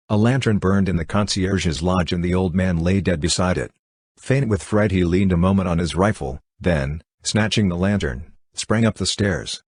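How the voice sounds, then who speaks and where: A man reading a classic novel aloud as an audiobook narrator, in a steady, measured way. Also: sits low, slightly rough, no echo, studio quality. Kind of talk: scripted narration.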